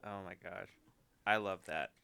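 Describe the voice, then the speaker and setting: A young man co-hosting a podcast, chatting excitably and laughing through his words. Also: sits low, unhurried, creaky, smooth. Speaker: podcast co-host. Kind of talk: casual chat.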